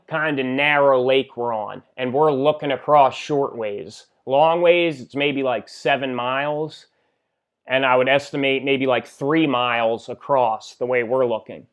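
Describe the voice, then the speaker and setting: Man telling a story, plain-spoken. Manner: plain-spoken, grows louder and higher at tense moments. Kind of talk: casual first-person storytelling.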